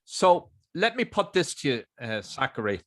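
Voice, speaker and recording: Man, interview host, mid pitch, brief questions, dry close sound. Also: big pitch swings, normal speed, a bit bright, no echo.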